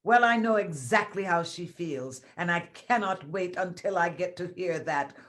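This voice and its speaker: A woman's voice: on the low side, moderate pace, a bit bright. A woman hosting a virtual celebration, introducing segments and speakers. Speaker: event host.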